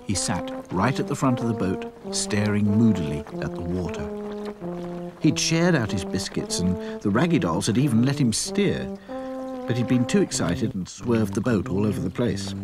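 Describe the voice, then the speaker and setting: A man narrating a children's cartoon story in an expressive way. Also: on the low side, normal speed, over loud music. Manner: animated, expressive.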